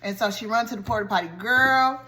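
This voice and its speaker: A woman vlogger recapping a TV show's plot in a lively, colloquial storytelling style, full of slangy asides. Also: a little high, fairly quick. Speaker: vlogger reviewing a TV show.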